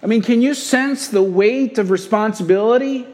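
High-voiced male pastor preaching emphatically. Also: moderate pace, darkish tone. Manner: emphatic, repeating key phrases. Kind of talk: sermon.

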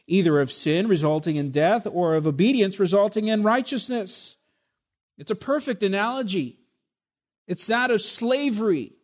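A man pastor preaching a sermon with emphatic rhetorical questions, addressing his congregation as "my beloved.". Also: high-pitched. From Spanish heritage.

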